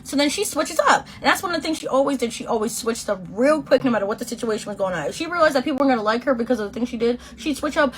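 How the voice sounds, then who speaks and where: A beauty vlogger from Boston, USA, a woman in her twenties, tells a slangy storytime full of swearing while doing her makeup, animatedly quoting the people involved in different voices. Her voice is high-pitched and racing, with hardly any pauses.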